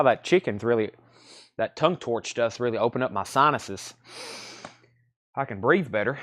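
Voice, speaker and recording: A man runs a live online record sale, quoting prices in a loose, joking salesman's patter. His voice sits at a middling pitch for a man, and he keeps repeating his own catchphrases between items. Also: a bit bright. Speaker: host selling records on a live stream.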